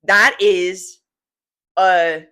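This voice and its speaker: A woman's voice: lowish voice, fairly even intonation, very slow, bright, forceful tone, clear, resonant tone. A woman in her twenties from New Jersey with a slight New Jersey accent, hosting her show in a chatty, rambling way full of "like". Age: 20s. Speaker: podcast host. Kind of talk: casual chat.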